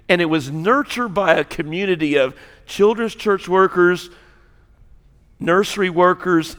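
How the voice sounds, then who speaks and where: A man's voice: a little high, fairly bright tone, clean tone. A man who is a lead pastor, preaching a sermon, joking and conversational with rising emphasis. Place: church auditorium. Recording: long hall reverb.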